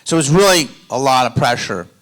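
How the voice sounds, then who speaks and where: A comedian talks on a convention stage, his voice bright and ringing as he tells a rambling story. He drifts from loud joking asides down to low, confiding storytelling, and his speech stays loose and casual. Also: expressive, fairly quick. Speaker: panel guest, actor and comedian. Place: convention panel room.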